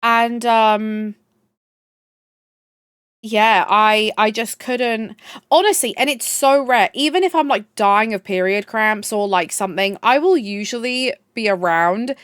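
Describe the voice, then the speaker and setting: A young woman talks to her live-stream chat. Her voice sits a touch high, and the sound is dry and close. She gushes, rambles and swears now and then. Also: takes it slowly, a bit bright, clean tone, no room sound. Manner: gushing, chatty, swears, reads chat aloud.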